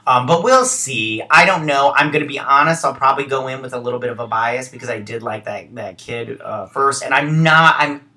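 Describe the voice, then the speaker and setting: A man's voice: mid-range voice, brisk, bright, forceful tone. A man hosting a casual reaction vlog, chatty and blunt, with lots of asides and fillers. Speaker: host.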